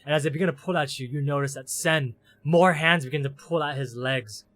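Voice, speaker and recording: A man's voice: on the high side, brisk, a bit bright. A man running a tabletop role-playing game, narrating the scene in long run-on sentences strung together with "as". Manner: run-on storytelling, strings clauses with "as". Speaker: game master.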